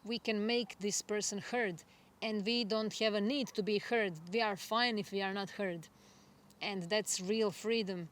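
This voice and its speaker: A woman astrologer giving a spiritual forecast monologue, gentle and reflective, unhurried and earnest. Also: mid-range voice, steady tone. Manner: gentle, reflective, soft laughs.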